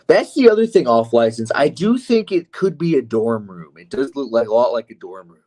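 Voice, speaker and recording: Animated yet mellow, this man's medium-pitched voice moves at a moderate pace. He's live-streaming, reading out chat comments and firing back sardonic, profane mockery.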